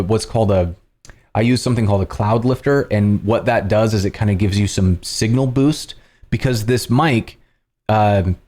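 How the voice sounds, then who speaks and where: A man hosting a livestream, explaining casually in a loud projected presenter voice with plenty of fillers, close on a compressed studio mic at home. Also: on the low side. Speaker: livestream host. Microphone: studio dynamic microphone with compression.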